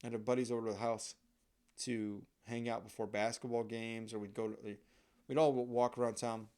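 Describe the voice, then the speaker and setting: A man's voice: mid-range voice, level tone, moderate pace, darkish tone. A young man, host of his own show, telling candid stories in a rambling, profane, casual monologue. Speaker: podcast host.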